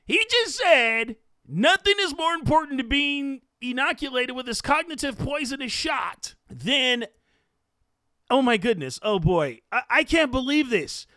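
A man hosting a podcast, delivering an indignant, loud, mocking political commentary rant. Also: extremely high pitch, sing-song, measured pace, no room sound, studio quality. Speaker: podcast host.

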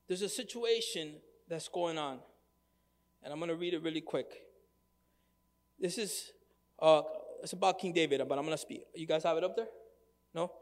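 A man's voice: fairly high pitch, big-room sound. A man preaching a sermon in a conversational way, asking the congregation questions and reading from scripture. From United States. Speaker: pastor.

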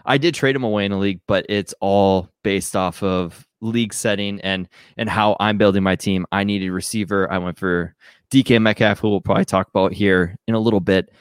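Low-voiced man talking fantasy football. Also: steady tone, fairly quick, clean tone, no room sound, studio quality. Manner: rambling, with restarts and fillers. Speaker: podcast co-host. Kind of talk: casual fantasy football chat.

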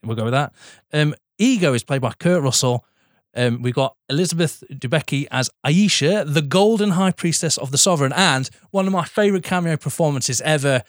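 A man's voice: mid-range voice, dry recording, studio quality. A man co-hosting a film podcast, chatting casually, swearing and laughing often. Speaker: podcast co-host.

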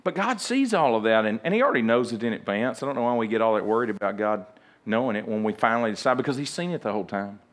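A man's voice: medium pitch, lively intonation, fast. A man pastor preaching a folksy, humorous sermon and acting out little everyday scenes.

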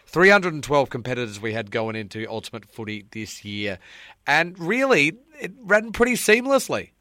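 Upbeat podcast host, bright voice. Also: male voice, medium pitch, big pitch swings, dry recording, studio quality. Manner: upbeat, jokey, quick asides. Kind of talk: casual podcast chat.

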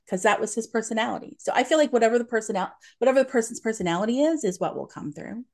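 A woman's voice: a little high, animated, very fast, few pauses, darkish tone. A young adult woman, a medium, chatting eagerly and telling stories with many fillers and restarts. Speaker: medium, podcast guest. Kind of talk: casual chat.

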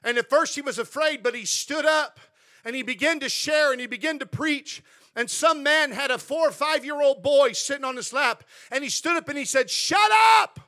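A man's voice: very high voice, moderate pace, pushed and bright. A male pastor preaching a sermon in church, telling stories in an earnest way.

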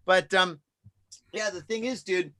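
A man's voice: sits high, steady tone, unhurried, bright, forceful tone. A man co-hosting a podcast, chatting casually and joking with a lot of profanity. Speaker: podcast co-host. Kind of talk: casual chat. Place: Japan.

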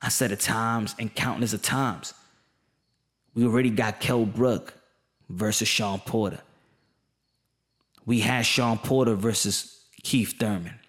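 A man's voice: on the low side, steady tone, slow pace, pauses often. A man giving an opinionated monologue, emphatic and passionate, repeating his points in casual slang. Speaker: boxing commentator. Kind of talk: opinionated boxing commentary monologue.

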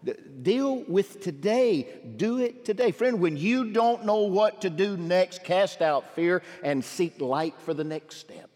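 A middle-aged male pastor preaching a sermon, swinging from emphatic calls to quiet, low asides. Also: measured pace, hardly any pauses. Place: large church sanctuary. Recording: long hall reverb.

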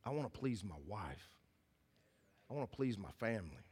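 With a lowish, sing-song voice that is a little mellow and breathy, a male pastor preaches at normal speed to a church hall congregation. He comes across as earnest and folksy, often circling back to restart and repeat himself.

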